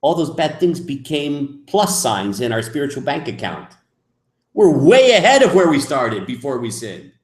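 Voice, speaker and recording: A man teaching as a rabbi in a lecture, emphatic, moving between soft asides and loud, stressed points. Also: medium pitch, very animated, moderate pace. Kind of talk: lecture on Jewish mysticism. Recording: echoey room.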